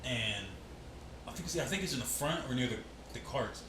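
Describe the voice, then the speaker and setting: Fast-talking young man telling stories. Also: mid-range voice, noisy background. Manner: animated, swearing, laughs at his own stories. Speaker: podcast co-host. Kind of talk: casual storytelling chat.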